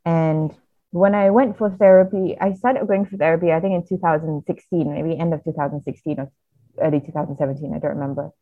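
Woman guest telling her story, kinda low voice, earnest and reflective, restarts a lot, sounds like its over a phone. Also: steady tone, brisk, no room sound, phone-quality sound. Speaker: podcast guest. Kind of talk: candid personal storytelling.

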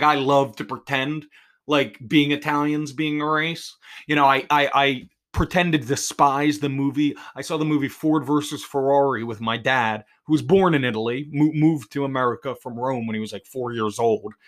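Man in his 20s from New Jersey, solo podcast host; rambling, sarcastic rants, bright voice. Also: medium pitch. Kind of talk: solo rambling comedic monologue.

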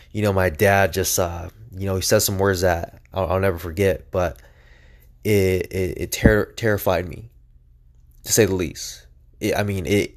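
A young man telling a personal story on his own podcast, rambling and earnest, filling his talk with "like". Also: low-pitched. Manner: rambling, heavy use of "like", earnest.

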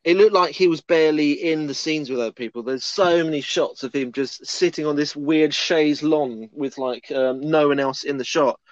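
A man joining a casual chat about a film, wry and mocking with frequent giggles. His voice sits a little high and sounds dry and slightly muffled. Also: normal speed, hardly any pauses, no room sound.

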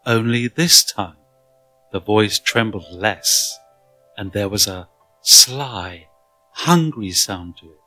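A man reading a children's story aloud in an expressive, dramatic manner. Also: fairly low pitch, slow, dry recording, faint music behind, rough recording.

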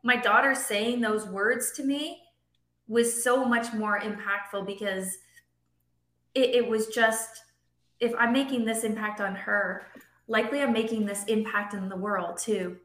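A middle-aged woman talking as a podcast guest in a casual interview, animated and acting out quotes with a raised voice. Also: on the high side, a little slow. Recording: echoey room.

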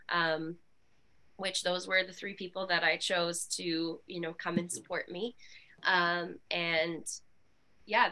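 A woman guest on a podcast telling her personal story in a candid, animated way, with many fillers. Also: fairly low pitch. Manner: animated, with frequent fillers and laughs.

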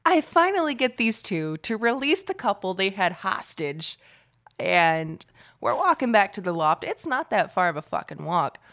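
Young female co-host, gravelly edge, animated and profane storyteller. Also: medium pitch, moderate pace. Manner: animated, swears freely, laughs often. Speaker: podcast co-host. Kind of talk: casual storytelling chat.

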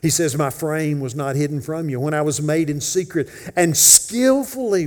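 A man, a pastor, preaching a sermon with dynamic swings from loud emphasis to hushed whispers. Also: fairly high pitch, moderate pace, few pauses, in a large hall. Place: church sanctuary.

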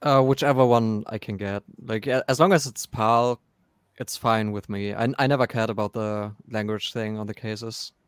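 A man's voice: on the low side, fairly even intonation, moderate pace, clear, resonant tone, dry recording, clean studio sound. A man on a podcast giving brief, matter-of-fact answers. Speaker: podcast guest. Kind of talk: casual podcast chat.

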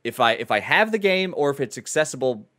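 A man's voice: mid-range voice, big pitch swings, fast, a bit bright. A man in casual podcast chat about games, with a mid-range voice. He rambles and restarts his sentences as he goes. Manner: rambling, frequent restarts and fillers. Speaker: podcast co-host and streamer.

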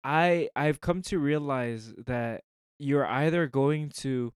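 A man co-hosting a casual faith discussion who speaks in a thoughtful, halting, earnest way. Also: mid-range voice, smooth, no room sound. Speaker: podcast co-host.

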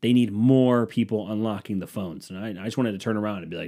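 A man's voice: fairly low pitch, fast, vocal fry, hardly any pauses. Profane sarcastic man telling a story. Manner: profane, sarcastic, animated impressions of others. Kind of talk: casual storytelling with acted-out quotes.

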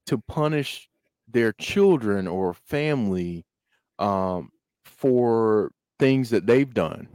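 A man's voice: fairly low pitch, animated, slow, darkish tone, clear, resonant tone, dry recording. A man in casual conversation about a film, speaking thoughtfully and hesitantly, often restarting his sentences.

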